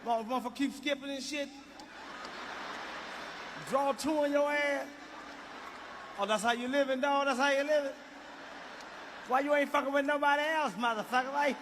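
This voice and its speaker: Male stand-up comic with a very high pitch, brash delivery, noisy recording. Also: fairly even intonation, fast talker. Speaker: stand-up comedian. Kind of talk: stand-up comedy. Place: stage in front of a crowd.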